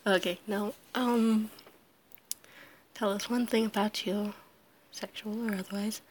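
Woman, sick and hoarse, half-whispered voice, slow halting speech, apologetic, nervous laughs, casual solo recording. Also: medium pitch, fairly even intonation, slight background noise. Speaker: audio creator answering a questionnaire.

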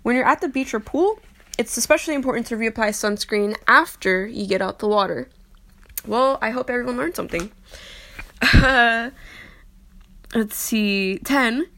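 A woman's voice: a little high, moderate pace, long pauses, fairly bright tone. A young woman in casual vlog talk, chatty and self-deprecating, often stumbling as she reads aloud. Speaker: vlogger. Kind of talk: casual chat, reading aloud.

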